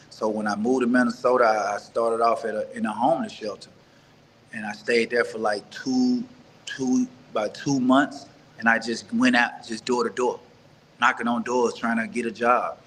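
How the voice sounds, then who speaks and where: A man from Mississippi telling his life story as an interview guest, earnest and halting, often restarting and repeating words. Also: medium pitch, a bit bright, a little hiss or hum, poor audio. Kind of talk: personal life story in conversation.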